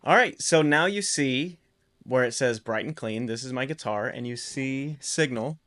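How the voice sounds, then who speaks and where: A man giving a casual home-studio guitar recording tutorial in a relaxed, explanatory way, with loose restarts. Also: medium pitch, measured pace.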